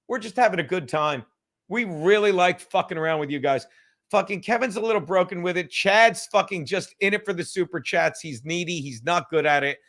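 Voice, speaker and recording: Fifties guy rambling on his home livestream, high-ish voice, swears a lot, laughs, whispers sometimes. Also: a bit bright. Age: 50s. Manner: rambling, profane, laughing, drinking while talking; drops to a whisper at times. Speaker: livestream host. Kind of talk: casual livestream chat.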